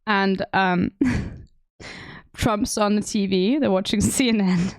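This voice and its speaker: A woman's voice: medium pitch, takes it slowly, no echo, studio quality. A woman streaming, chatting casually and laughing often. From South Africa. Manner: giggly, chatty, laughs a lot. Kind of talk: casual chat.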